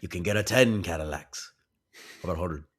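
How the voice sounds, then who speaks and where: A sly, coaxing voice of an aging showbiz manager, as a man puts him on. It sits low and talks fast, dangling bigger offers to win someone over. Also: natural voice.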